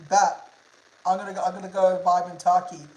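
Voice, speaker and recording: A man's voice: sits high, little pitch movement, a little fast. Laid-back guy chatting on stream. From United Kingdom. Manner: laid-back, swears freely, repeats himself. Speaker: livestreamer. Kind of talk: casual livestream chat with viewers. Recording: roomy echo.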